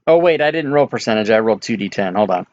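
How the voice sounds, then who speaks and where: A man running a tabletop game as dungeon master, talking casually with pauses and fillers. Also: on the low side, expressive, a little mellow, highs cut off.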